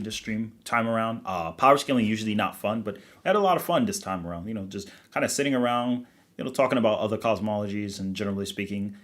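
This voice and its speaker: A man hosting a livestream, wrapping up in a rambling, chatty way with lots of fillers. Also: lowish voice. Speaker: livestream host. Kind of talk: casual livestream outro chat.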